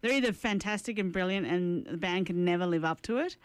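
Female radio co-host, smooth lowish voice, dry studio sound, chatty and opinionated. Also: a little fast, dry recording. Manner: chatty, opinionated, trails off and restarts. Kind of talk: casual radio chat.

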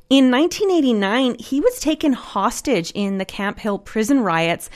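Easygoing woman radio host. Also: medium pitch. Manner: easygoing, chatty. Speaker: radio talk show host. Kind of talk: radio interview.

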